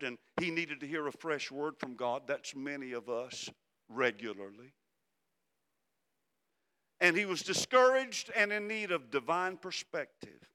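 A man preaching a sermon, swinging from loud emphasis down to hushed, soft phrases. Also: a little high. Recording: long hall reverb.

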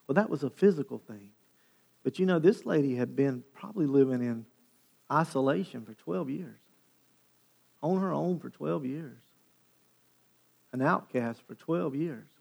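A male pastor preaching a sermon, retelling a story with animated, dramatic delivery. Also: a little high, gravelly, slightly rough. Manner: animated, dramatic storytelling with sharp swings in loudness.

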